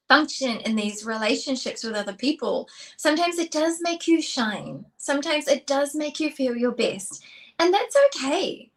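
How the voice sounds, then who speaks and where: Her voice slightly high and a bit bright, a relationship expert co-hosts a talk show on relationships. The talk is casual, heavy on fillers, with small quotes acted out.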